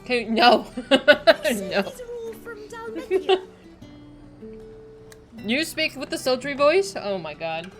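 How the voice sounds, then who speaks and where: A woman streamer chatting casually over her gameplay. Her mid-pitched voice swings up and down a lot, lively and playful. She reacts in big, exaggerated bursts. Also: extremely slow, long pauses, soft background music. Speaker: livestream gamer.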